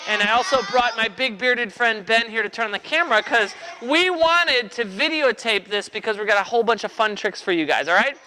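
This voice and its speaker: A man's voice: extremely high pitch, fairly quick, hardly any pauses, pushed and bright. A man performing as a children's magician, playfully joking with and rousing a live audience of kids. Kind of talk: live kids' magic show patter.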